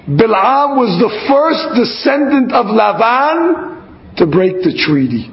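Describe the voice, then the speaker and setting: A man, a religious teacher, telling stories in a sermon and acting out the quoted lines with lively shifts of voice. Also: extremely high pitch, slow pace. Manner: lively storyteller who acts out the quoted lines. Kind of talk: storytelling sermon. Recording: roomy, slightly dull recording.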